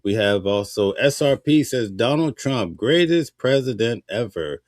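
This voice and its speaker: A man's voice: lowish voice, no room sound, studio quality. A man hosting a live news stream, talking casually with viewers and reading their comments. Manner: conversational, reads viewer comments aloud.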